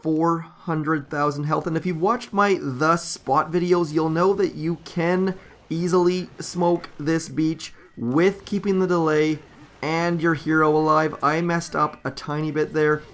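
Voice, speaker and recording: A man's voice: a little high, steady tone, a little slow. Chatty man narrating his strategy game. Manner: chatty, thinks aloud with frequent ums. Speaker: gaming YouTuber. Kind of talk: casual gameplay commentary.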